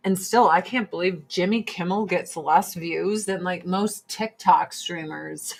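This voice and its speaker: A woman's voice: fairly low pitch, unhurried, vocal fry, few pauses. A woman chatting casually and bluntly while doing her makeup, swearing freely as she gives her opinions. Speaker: streamer.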